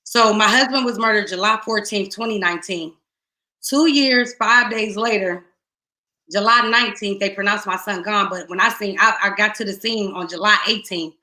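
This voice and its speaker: A middle-aged woman, appearing as a guest speaker, gives emotional testimony about her own loss in a bright, edged, mid-range voice that fills the room. Her raw, tearful account swings from hushed, almost whispered pain to sudden loud outbursts, and the space adds a noticeable echo.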